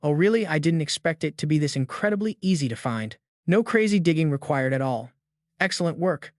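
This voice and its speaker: A man's voice: a little high, animated, brisk, darkish tone, dry recording, clean studio sound, lightly acted. A man reading the lines of a proud young noblewoman in a story recap. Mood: musing.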